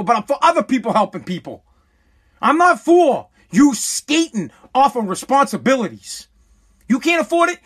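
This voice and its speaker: A man's voice: very high voice, fairly bright tone. A man who owns a small business, ranting in a profane, agitated vlog monologue and stumbling over his words as he repeats himself. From United States.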